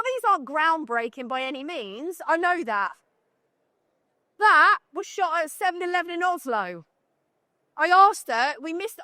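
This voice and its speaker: A woman's voice: very high voice, sharp tone, no room sound, studio quality. A British woman and photographer giving a live conference talk, blunt and joking, often checking in with the audience. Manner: blunt, joking, chatty, asks the audience questions. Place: conference talk room at a trade show.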